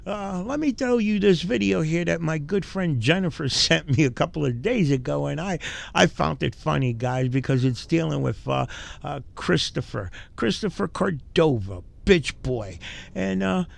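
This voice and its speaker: Gravelly mocking commentary host. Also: male voice, on the high side, expressive, normal speed. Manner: mocking, rambling with fillers. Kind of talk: casual commentary.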